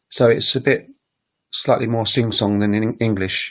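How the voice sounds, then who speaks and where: Casting: man, lowish voice, casual livestream host explaining languages, loose and halting, acts out example phrases. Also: fairly even intonation. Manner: rambling, full of ums and self-corrections; demonstrates phrases aloud. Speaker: language learning streamer.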